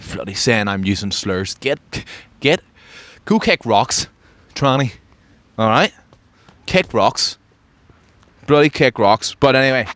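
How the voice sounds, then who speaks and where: A man's voice: medium pitch, a bit bright, no echo. A man hosting a podcast, talking in a boastful, brash, mock-grandiose comedic monologue. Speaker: podcast host.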